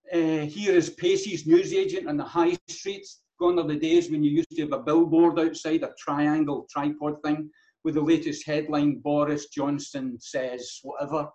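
Earnest preaching man, slightly high voice. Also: a little mellow, lo-fi sound. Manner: earnest preaching with frequent restarts and repeated words. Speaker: pastor. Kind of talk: sermon.

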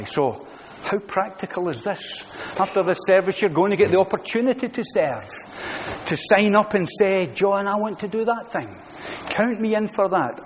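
A man pastor delivers an earnest, conversational sermon, leaning on rhetorical questions. His voice sits a little high for a man. The church sanctuary adds a long, lingering reverb over a faint hum of room noise.

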